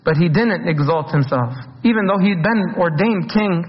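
A high-voiced man delivers a sermon, talking plainly and putting questions to the congregation. The sound is dull and muffled, and his voice rings in a long-echoing church hall. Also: normal speed. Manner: conversational preaching with questions to the congregation. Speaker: priest. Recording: dull, echoey church recording.

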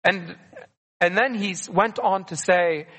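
A man's voice: high voice, a little slow, fairly bright tone. A man preaching a sermon earnestly, repeating key phrases for emphasis. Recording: long reverb of a large hall.

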